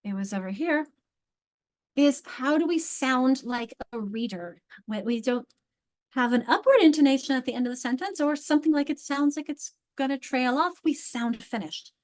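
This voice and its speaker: A woman's voice: sits high, animated, moderate pace, a little mellow. Chatty woman leading a teacher training. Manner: chatty, with frequent restarts and modeled read-alouds. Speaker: literacy trainer.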